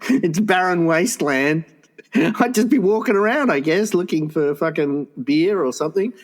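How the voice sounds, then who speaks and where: A man's voice: high-pitched, expressive, normal speed. A man co-hosting a comedy podcast, crude and teasing, laughing often. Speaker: podcast co-host. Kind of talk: casual comedy chat.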